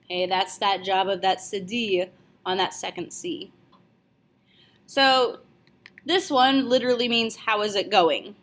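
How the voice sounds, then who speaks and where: A young woman teaching a French lesson, speaking clearly and slowly repeating each phrase. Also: medium pitch, steady tone, a bit bright. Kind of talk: video language lesson.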